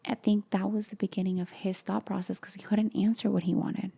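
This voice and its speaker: A woman's voice: mid-range voice, little pitch movement, brisk, vocal fry, mellow, slightly rough. A woman co-hosting a casual book podcast, talking thoughtfully, searching for words and slipping into Spanish. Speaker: podcast co-host.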